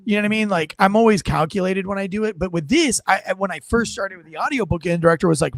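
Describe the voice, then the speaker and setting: A man hosting a podcast in casual chat, rambling and animated, often poking fun at himself, on a close studio mic. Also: a little high, fast, gravelly, no echo. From North Carolina. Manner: rambling, animated, self-deprecating. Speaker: podcast host.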